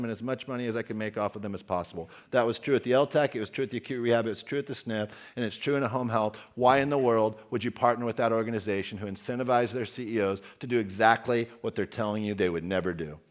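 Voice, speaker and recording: A man in his forties giving an outspoken, emphatic conference keynote and putting questions to the audience. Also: mid-range voice. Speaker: keynote speaker.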